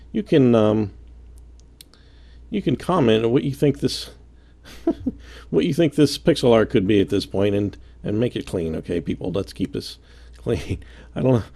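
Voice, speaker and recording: A man's voice: mid-range voice, vocal fry, warm tone. A man giving casual step-by-step building commentary, counting aloud and joking about himself. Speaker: game building tutorial host.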